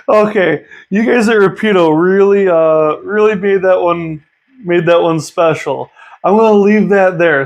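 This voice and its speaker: A man's voice: high-pitched, measured pace, gravelly, poor audio. Upbeat man explaining model trains. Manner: enthusiastic, chatty, thinking aloud. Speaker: model train hobbyist host. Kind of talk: casual hands-on tutorial.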